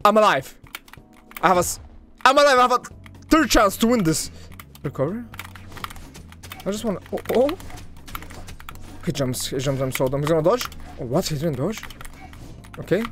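Excitable man, lively high voice. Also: normal speed, long pauses, faint music behind. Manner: excitable, swings from loud hype to low muttering; talks to viewers as "guys". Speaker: gaming video creator. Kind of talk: live gameplay commentary.

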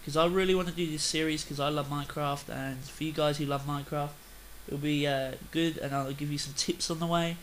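A man's voice: fairly high pitch, fairly quick, few pauses, a little hiss or hum, low-quality recording. Young Australian man, rambling game commentary. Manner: rambling, chatty, with loud excited outbursts. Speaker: gaming video host.

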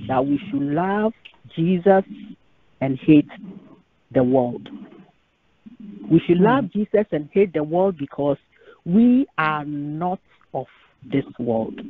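A woman's voice: low voice, expressive, slow, long pauses, husky, no echo. A woman preaching a sermon to a conference call, stressing and repeating key phrases. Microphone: phone on a conference line. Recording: tinny phone line.

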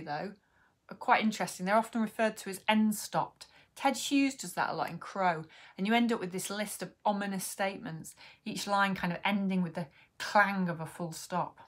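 A woman's voice: mid-range voice, fairly bright tone. A woman who is a poet, hosting an online poetry workshop for beginners and explaining things in a friendly way, with frequent ums. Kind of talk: online poetry lesson to camera.

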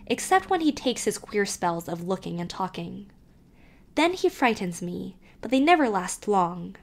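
Woman reading an audiobook expressively. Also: mid-range voice. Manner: expressive reading of a child's first-person letter. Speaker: audiobook narrator. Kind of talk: scripted audiobook narration.

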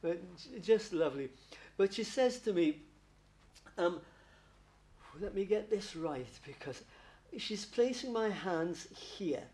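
During a platform reading at a spiritualist church, this male medium is affectionate and talkative, laughing frequently and calling listeners darling. He has a high-pitched, darkish voice with lively intonation and a slow pace.

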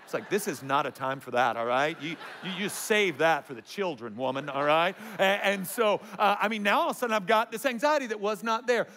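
A man preaching a sermon, his voice sitting fairly high for a man. He tells stories to the congregation with a playful, joking humor, like a pastor in a church auditorium. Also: animated, fairly quick, few pauses, pushed and bright.

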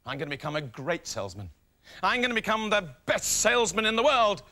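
Brief: flustered man hosting a kids' sitcom, voice fairly high and swinging wildly in pitch. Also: big pitch swings, fairly quick, bright, forceful tone. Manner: flustered, pleading, comic. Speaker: children's show presenter. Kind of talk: sitcom comedy acting.

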